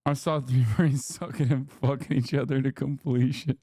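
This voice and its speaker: A man's voice: medium pitch, fairly even intonation, moderate pace, mellow, no room sound, studio quality. A man hosting a livestream, reacting to posts with sarcastic, mocking, profane commentary. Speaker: livestream host.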